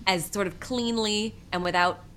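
A woman impressionist with a husky voice, chatting animatedly as an interview guest and laughing often. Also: mid-range voice, fairly even intonation, normal speed, fairly bright tone, a little hiss or hum. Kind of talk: casual interview chat.

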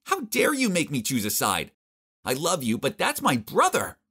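A man's voice: on the low side, big pitch swings, moderate pace. A man voicing a confident, strong-willed teenage girl who speaks firmly and with exasperation in a storybook tale. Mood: indignant.

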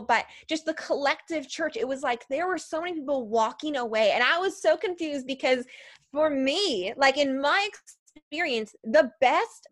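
A woman guest on a faith podcast, telling her story in a lively way, acting out her past thoughts and often asking 'right?'. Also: sits high, no room sound, clean studio sound. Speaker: podcast guest, preacher and speaker.

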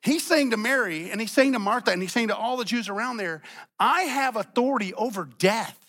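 High, bright-voiced male pastor preaching. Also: a little fast. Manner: emphatic, repeats phrases, swings between loud and quiet. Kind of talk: sermon.

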